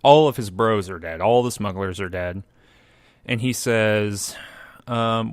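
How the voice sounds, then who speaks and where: Man, low voice, dry close sound, wry game recap, quotes dialogue. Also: slow, clean tone, no echo. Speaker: podcast co-host. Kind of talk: casual chat recapping a video game.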